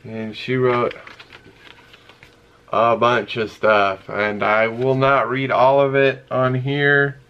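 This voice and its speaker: A middle-aged man casually chatting as he opens fan mail, earnest and emotional, halting with many fillers and reading letters aloud slowly. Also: mid-range voice, little pitch movement, clear, resonant tone, muffled recording. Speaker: vlogger opening fan mail. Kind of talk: casual chat.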